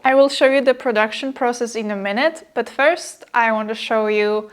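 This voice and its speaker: A woman's voice: fairly high pitch, normal speed. A woman narrating her music production vlog in a chatty, easygoing way, often breaking into giggles.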